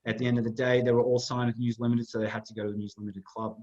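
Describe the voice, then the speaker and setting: A man chatting loosely on a sports podcast, his voice sitting in an ordinary middle pitch. He meanders, restarts and fills gaps with "um" while talking through pictures. The recording sounds slightly dull and lo-fi. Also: level tone, racing, darkish tone. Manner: rambling, talks through photos with many fillers. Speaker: podcast co-host. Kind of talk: casual sports podcast chat.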